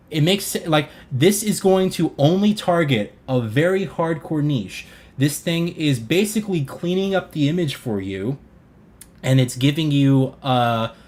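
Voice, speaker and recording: Guy on a livestream ranting, sarcastic and fed up, swears a lot, mid pitch. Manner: exasperated, sarcastic, swears, restarts sentences; reads chat comments aloud and answers them. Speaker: livestream host reacting to a console reveal. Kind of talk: casual livestream rant.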